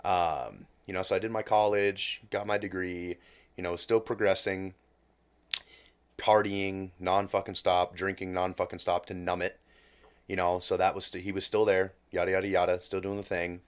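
Late-20s man, very deep voice, podcast guest; candid, profane, emotional storytelling that dips to near whispers. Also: level tone, moderate pace, clear, resonant tone. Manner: emotional, heavy swearing, drops to near whisper at low points.

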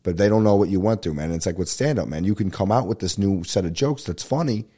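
A young man hosting a podcast, rambling in a profane, animated monologue that jumps up in pitch when he gets riled. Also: fast talker, breathy edge. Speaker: podcast host and stand-up comedian. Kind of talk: casual monologue.

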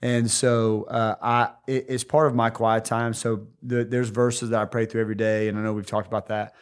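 A man co-hosting a casual faith podcast, talking in a halting way with many restarts and fillers, teasing now and then. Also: lowish voice, little pitch movement, clear, resonant tone. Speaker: podcast co-host.

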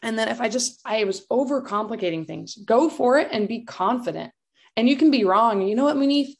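A woman's voice: fairly high pitch, animated, a little fast, creaky. A young adult woman co-hosting a casual podcast, upbeat and encouraging, often exclaiming. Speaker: podcast co-host.

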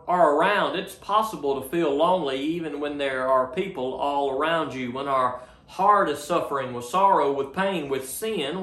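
A man's voice: on the high side, a bit bright, roomy sound. A man preaching a sermon as a pastor, earnest and plain-spoken, often repeating words as he restarts a thought.

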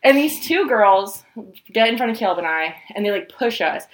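A young adult woman co-hosting a podcast, telling a story in a lively, profane way with many "like" fillers. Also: mid-range voice, moderate pace. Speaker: podcast co-host. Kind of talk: casual storytelling chat.

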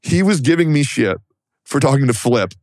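A man in casual podcast chat, telling a story with lively swings and mimicking other people in high voices. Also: moderate pace, no echo.

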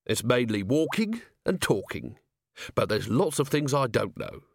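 A man voicing a weary, blunt watch commander with a dry, deadpan manner, in an audiobook reading. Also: mid-range voice, measured pace, creaky, no room sound, heavily acted. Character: weary gruff middle-aged male city watch commander. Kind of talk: audiobook character voice.

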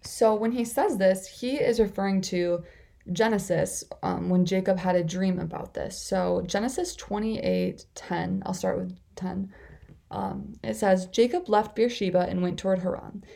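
A woman's voice: mid-range voice, unhurried, creaky, warm tone. A young woman casually reading through a Bible chapter and reflecting on it, chatty and full of "like" fillers. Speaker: Bible study vlogger.

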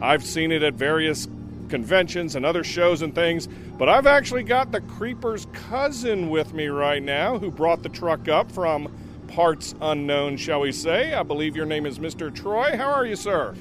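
A man's voice: on the high side, lively intonation, normal speed. A male horror show host, upbeat and showman-like, introducing an on-location segment outdoors. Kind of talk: on-location interview and show sign-off. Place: outdoors on the road at a haunted attraction.

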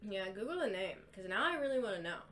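A woman's voice: mid-range voice, big pitch swings, fast, a bit bright. A young woman co-hosting a casual podcast, joking and sarcastic, swearing freely. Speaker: podcast co-host. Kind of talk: casual chat.

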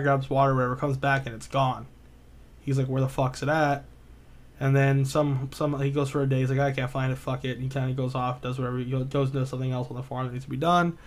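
A man's voice: mid-range voice, fairly bright tone. A man casually retelling a spooky story, rambling with lots of filler words and swearing. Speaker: podcast co-host.

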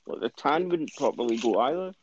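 A man's voice: medium pitch, fairly quick, lo-fi sound, slight background noise. A Scottish man co-hosting a casual podcast, chatting and joking. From Scotland. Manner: jokey, chatty, lively. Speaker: podcast co-host.

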